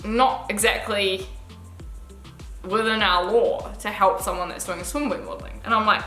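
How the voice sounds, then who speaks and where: A woman's voice: mid-range voice, fairly even intonation, moderate pace, bright, forceful tone, echoey room, soft background music. A young woman, emotionally retelling a story in a storytime vlog and swearing often. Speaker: vlogger.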